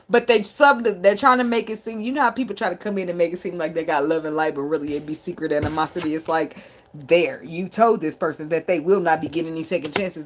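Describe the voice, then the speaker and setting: A woman giving a casual tarot reading, blunt and profane, who laughs a lot and riffs in playful asides. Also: lowish voice. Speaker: tarot reader.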